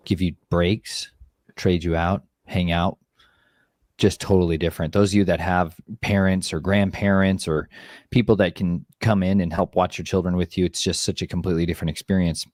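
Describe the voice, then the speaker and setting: Deep-voiced man, earnest and measured. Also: darkish tone, no room sound, studio quality. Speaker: co-host sharing family story. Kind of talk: reflective personal talk.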